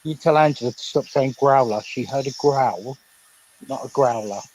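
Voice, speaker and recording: A man's voice: medium pitch, normal speed, a little mellow, slight background noise, poor audio. A man, joking around on a live stream and reading out viewer comments. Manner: jokey, reads out viewer comments. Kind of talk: casual chat.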